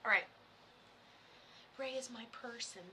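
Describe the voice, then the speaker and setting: A woman's voice: fairly high pitch, measured pace, background noise. A woman from Florida, a medium live-streaming in a casual, chatty way, swearing now and then and talking straight to viewers. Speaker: psychic medium livestreamer.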